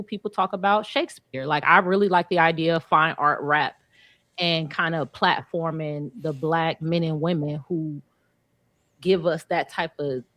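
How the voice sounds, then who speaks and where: A woman talks on a podcast panel in a fairly low voice, thoughtful and reflective, with easy casual slang. The sound is dry and close, with no room in it. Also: a bit bright, dry recording.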